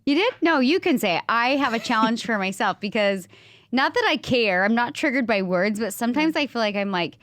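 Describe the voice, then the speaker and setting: A woman's voice: a little high, animated, a little fast, a bit bright, dry recording, studio quality. A woman co-hosting a podcast in casual chat, giggly and playful as she tells stories. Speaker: podcast co-host.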